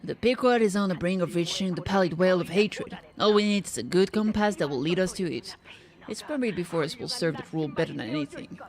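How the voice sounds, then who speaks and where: A woman voicing a commanding, obsessed woman sea captain in a game, reading her lines in a grandiose, booming way. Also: fast talker, a little mellow, natural voice.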